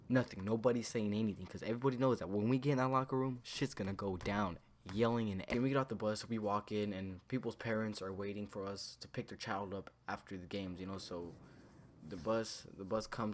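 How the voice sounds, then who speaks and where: A man's voice: fairly low pitch, a little hiss or hum. Rambling, foul-mouthed young man telling a story. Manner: rambling, profane, filler-heavy. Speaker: storytime vlogger. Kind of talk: casual storytelling.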